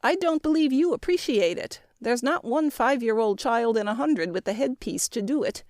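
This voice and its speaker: Brief: woman playing emphatic middle-aged housewife, raised pitch, dry close reading. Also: lively intonation, moderate pace, a little mellow, no echo, lightly acted. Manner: emphatic, impressive.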